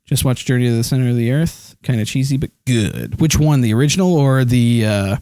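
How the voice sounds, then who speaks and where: A man's voice: mid-range voice, fairly quick, warm tone, dry recording. A man streaming live, chatting casually and rambling with lots of ums and likes, speaking into a hand microphone.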